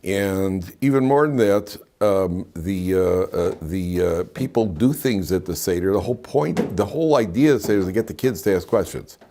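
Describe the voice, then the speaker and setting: This older rabbi's voice is low and mellow, expressive, and moderately paced, with hardly any pauses. In a classroom with students, he delivers an informal Torah lecture that keeps drifting into asides and restarts, all in a chatty tone.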